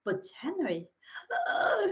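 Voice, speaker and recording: A woman, a filmmaker in an interview, telling animated stories and acting out the lines of the people in them. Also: high voice, a little slow. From Brazil. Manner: animated storyteller, acts out quotes, laughs often. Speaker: filmmaker guest. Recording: slightly muffled recording.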